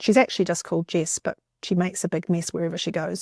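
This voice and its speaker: Expressive New woman teacher, dry sound. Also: lowish voice, fairly quick, few pauses, no room sound. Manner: clear, expressive, emphasizing words for young readers. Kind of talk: classroom lesson and teacher voice-over.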